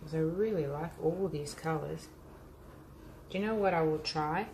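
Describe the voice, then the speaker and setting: A woman's voice: sits low, normal speed, darkish tone. A woman with an Australian accent chatting casually with live viewers while she paints, teacher-like and friendly in her asides. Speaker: art teacher and vlogger. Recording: roomy echo with faint hum.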